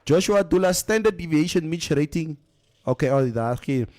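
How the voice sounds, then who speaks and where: Animated radio host. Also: male voice, fairly high pitch, normal speed. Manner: animated, slips into Afrikaans phrases. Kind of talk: casual chat, reading listener comments.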